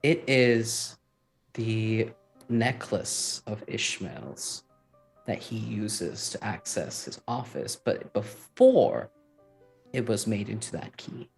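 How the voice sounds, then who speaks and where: A man's voice: on the low side, gravelly, soft background music. A man narrating a tabletop game as game master, thoughtful and full of fillers. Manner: slow, thoughtful, with many fillers.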